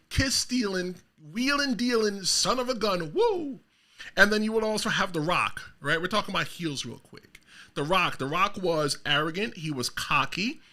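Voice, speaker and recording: A man talks alone as the host of a podcast in a loose, rambling commentary style. His voice sits high for a man and has a bright, forward edge. He gets animated, doubles back and corrects himself mid-thought. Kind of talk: casual solo commentary.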